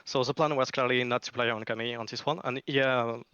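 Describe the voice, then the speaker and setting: A man with a French accent explaining a game plan in a halting way, stopping often on fillers and restarts. His voice is smooth and clean, yet the sound is dull and lo-fi, like a call line. The room is dry. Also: mid-range voice, steady tone, a bit bright, dry recording. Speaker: esports team member interviewed after a match. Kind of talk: post-match interview talk.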